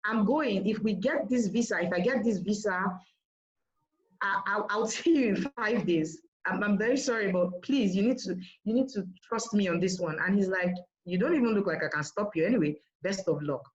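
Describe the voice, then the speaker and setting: Woman, storytelling talk, lively, mid pitch, dull lo-fi sound. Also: brisk, few pauses. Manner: animated, quotes others in raised voice. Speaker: marketing director sharing her business story.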